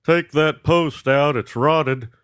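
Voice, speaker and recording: A man voicing a blunt, handy middle-aged neighbor with a drawl who slowly explains how things should be done. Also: a little high, fairly bright tone, smooth, no room sound, studio quality, voice pushed up. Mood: correcting. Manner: slow know-it-all drawl.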